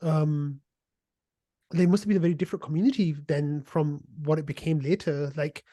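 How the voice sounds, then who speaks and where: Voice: mid-range voice, fairly even intonation, normal speed, warm tone, no echo, clean studio sound. A podcast host in casual interview chat, eager and chatty with lots of "like".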